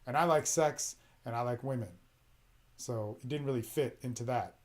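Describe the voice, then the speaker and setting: A man's voice: medium pitch, normal speed, a little mellow. A man hosting an advice podcast, talking bluntly in a rambling, profane, emphatic way. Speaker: podcast host giving relationship advice. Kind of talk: casual advice monologue.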